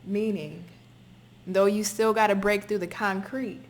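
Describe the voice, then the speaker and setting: A woman's voice: medium pitch, steady tone, measured pace, slight background noise. A woman giving a spoken tarot reading to her viewers, talking emphatically, repeating herself and swearing freely. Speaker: tarot reader.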